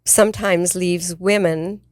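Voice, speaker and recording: A woman's voice: fairly low pitch, fairly even intonation, takes it slowly, dry recording, studio quality. A woman in her seventies, a guest author, telling anecdotes in casual conversation and laughing often. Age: 70s. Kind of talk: casual storytelling chat.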